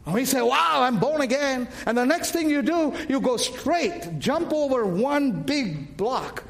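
A male preacher delivers a sermon in a high voice that rises to shouts and drops low again. He calls questions straight to the congregation and keeps them answering. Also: sing-song, unhurried, faint music behind.

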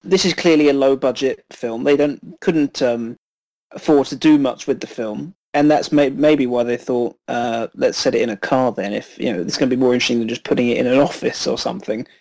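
Measured man reviewing films. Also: medium pitch, gravelly, a little mellow, low-quality recording. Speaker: film podcast co-host. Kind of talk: casual film review.

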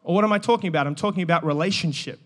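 A man, preaching an energetic sermon and joking with the congregation. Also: a little high, rapid-fire. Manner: animated, joking, calls out to the congregation. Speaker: pastor. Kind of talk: energetic sermon with audience banter.

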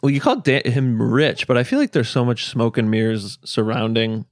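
A man's voice: medium pitch, normal speed, no echo, studio quality. A man co-hosting a comedy podcast, musing wryly and sometimes losing his thread. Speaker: podcast co-host. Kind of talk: casual comedic chat.

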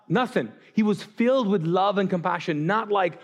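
A man from the Middle East preaching a sermon as pastor, conversational and animated, asking the crowd questions and acting out quotes. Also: unhurried, muffled recording. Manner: animated, acts out quotes with sudden pitch jumps; conversational, asks the audience questions.

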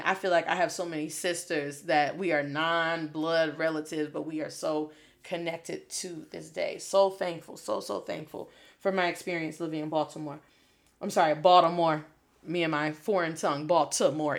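A young Spanish teacher gives a casual spoken lesson in a lowish voice. She's animated and slangy, sprinkling Spanish phrases throughout her talk.

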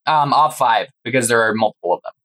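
A man's voice: mid-range voice, animated, fast talker, fairly bright tone, low-quality recording. A man running a tabletop game as game master, narrating casually with frequent restarts.

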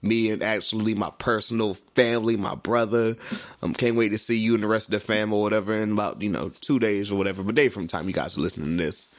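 A man co-hosting a casual sports podcast with a relaxed, rambling delivery. He leans on slang and fillers and drifts from point to point. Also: lowish voice, fast. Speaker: podcast co-host.

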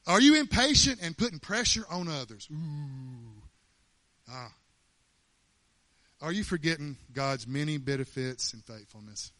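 A man preaches in a folksy, rhetorical style, stacking question after question and doubling back on his words. His voice is bright and a little high for a man. The sound is dry and close. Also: lively intonation, measured pace, pauses often, no echo. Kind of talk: sermon.

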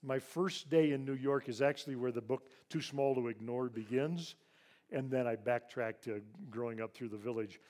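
A man's voice: mid-range voice, moderate pace. Earnest older man telling a story. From grew up in Ivory Coast. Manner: earnest, hushed and emotional when recounting loss. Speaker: charity president speaking to a church audience. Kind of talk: personal storytelling talk.

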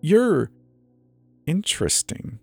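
A man's voice: on the high side, sing-song, slow pace, gravelly, slightly rough, no echo, faint music behind, voice pushed up, full character voice. A man voicing a creepy, grinning teenage boy who sells superpowers, in a mocking sing-song murmur.

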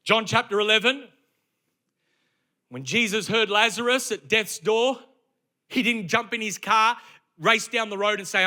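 A middle-aged pastor preaches from a church stage, his voice high, very bright, and forceful. He tells stories in a lively way at a measured pace with long pauses, repeatedly posing rhetorical questions to the congregation.

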